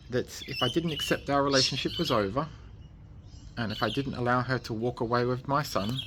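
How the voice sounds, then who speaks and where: A man livestreaming a personal monologue outside his house, speaking slowly and deliberately and repeating himself. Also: mid-range voice, noisy background. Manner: slow, deliberate and repetitive. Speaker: livestreaming vlogger. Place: outdoors at the front of his house.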